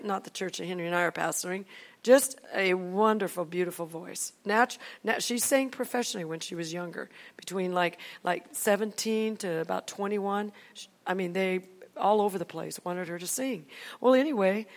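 A woman pastor telling a personal testimony in an animated way, with many restarts and acted quotes. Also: medium pitch, moderate pace.

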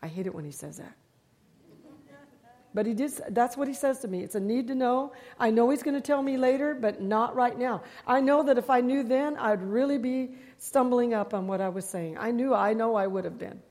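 A woman with a high voice preaches a testimony-style sermon as a visiting speaker. She presses each point hard, repeats phrases and fires rhetorical questions at the congregation. Her voice rings out with a long reverb from a large church hall. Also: normal speed, darkish tone. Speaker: guest preacher.

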